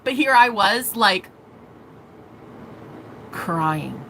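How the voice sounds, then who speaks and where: A woman tells a rambling, emotional story for her vlog, swearing freely as she goes. Her voice is bright and tense and sits a little high. A faint hiss runs under the recording. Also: expressive, normal speed, rough recording. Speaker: vlogger.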